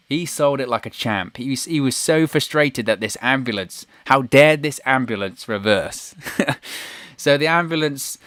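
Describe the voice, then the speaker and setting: A man giving an opinionated, animated solo review of a wrestling show on his video channel, acting out quotes in a raised voice. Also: mid-range voice, a little slow, smooth, no echo, studio quality. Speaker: wrestling news YouTuber.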